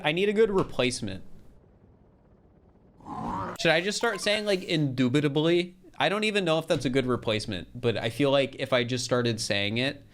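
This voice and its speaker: Chatty streamer laughing at himself. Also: male voice, on the high side. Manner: chatty, self-mocking, laughs often. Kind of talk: casual gameplay commentary. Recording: faint music behind. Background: faint game music.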